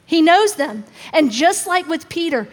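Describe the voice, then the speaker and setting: A woman's voice: animated, measured pace. A woman preaching a sermon in a conversational way, acting out the quotes she tells. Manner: conversational, acts out quotes with shifting pitch. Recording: long reverb of a large hall.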